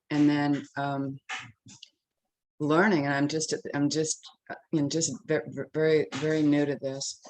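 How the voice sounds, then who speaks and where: Older woman minister, low voice, choked up, stop-start personal sharing. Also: a little mellow, slight background noise, rough recording. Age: 60s. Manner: halting, emotional, with many restarts. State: tearful. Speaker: interfaith minister. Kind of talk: personal sharing in a faith circle.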